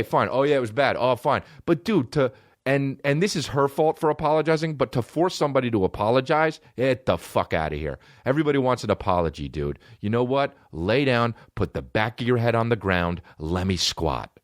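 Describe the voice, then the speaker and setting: Animated, profane man ranting. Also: mid-range voice, a little fast, no room sound, studio quality. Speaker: podcast host. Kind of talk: solo comedic rant.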